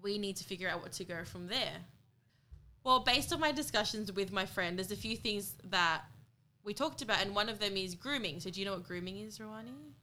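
Earnest bright-voiced New woman. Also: mid-range voice, a little fast. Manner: earnest, heartfelt, retells friend's words. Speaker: podcast co-host. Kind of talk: candid podcast conversation.

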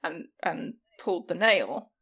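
A woman co-hosting a podcast, chatting casually and telling lively stories in which she acts out what people said. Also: fairly low pitch, measured pace, slightly rough. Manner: animated storyteller who acts out voices. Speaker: podcast co-host. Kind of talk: casual chat.

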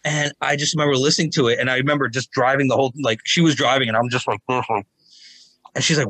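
Man, 40s, casual storytelling, animated, husky, bright. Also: mid-range voice, fast talker, dry recording, poor audio. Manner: animated, acts out quotes in raised voice. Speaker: podcast guest.

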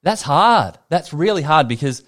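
A man's voice: fairly high pitch, big pitch swings, measured pace, fairly bright tone. A man co-hosting a podcast in casual chat, telling stories animatedly and swearing freely. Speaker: podcast co-host.

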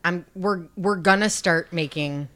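A woman's voice: fairly low pitch, unhurried, sharp tone. A woman co-hosting a podcast in casual chat, talking freely, laughing often and swearing. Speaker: podcast co-host.

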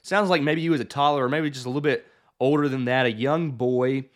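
A male preacher retelling a Bible story in a lively way, with chuckling asides. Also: mid-range voice, a little fast. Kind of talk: sermon storytelling.

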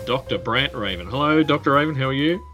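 A man's voice: mid-range voice, animated, quick pace, sharp tone, soft background music. A man with an Australian accent hosting a casual podcast chat, rambling and joking with his guests. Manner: jokey, rambling, laughs often. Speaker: podcast host.

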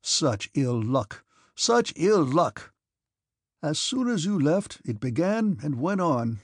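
A man voicing a gruff, hot-tempered young hussar officer who shouts and cannot pronounce his R's, in a storybook reading. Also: a little high, sing-song, measured pace, dry recording, clean studio sound, pitched above the performer's own voice, exaggerated voice. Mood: rueful blustering.

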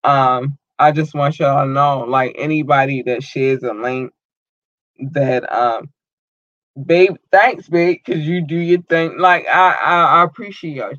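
A man hosting a podcast, giving casual shout-outs to his listeners and talking in a loose, emotional way with a lot of swearing. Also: a little high, measured pace, no room sound, highs cut off. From United States. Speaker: podcast host.

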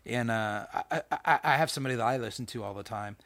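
Fast-talking man, dry sound. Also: mid-range voice, no room sound. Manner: fast-talking, animated, many fillers and restarts. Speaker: podcast host. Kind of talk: casual Bible commentary and reading.

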